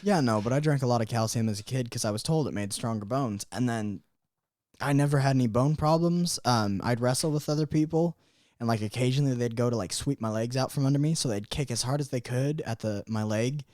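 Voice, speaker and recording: A man as a podcast guest in casual chat, animated and laughing a lot. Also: medium pitch, brisk, no room sound, studio quality.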